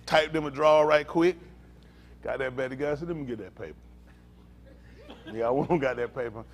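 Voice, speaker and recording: A man, a pastor telling lively, laughing stories in a sermon, full of slang. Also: medium pitch, normal speed. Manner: animated, laughing storytelling with Southern slang. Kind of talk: storytelling sermon.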